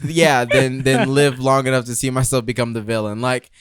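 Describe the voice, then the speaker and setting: A man co-hosting a podcast in a casual comedy debate, teasing and trash-talking in an animated way. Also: mid-range voice, normal speed, smooth, no echo, clean studio sound. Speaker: podcast co-host.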